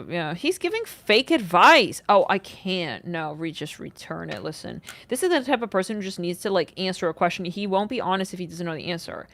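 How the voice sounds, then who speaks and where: A young woman reads tarot on a casual livestream, her pitch leaping up and down as she rants. She fills her talk with "like", swears freely and breaks into sudden exclamations. The sound is close and dry, with no room around it. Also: dry recording. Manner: animated, swearing, many likes, sudden outbursts. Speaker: tarot reader.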